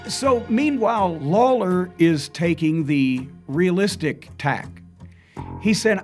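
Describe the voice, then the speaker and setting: An older man and wrestling historian recounting events as an animated, vivid storyteller. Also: high-pitched, takes it slowly, faint music behind. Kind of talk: storytelling interview.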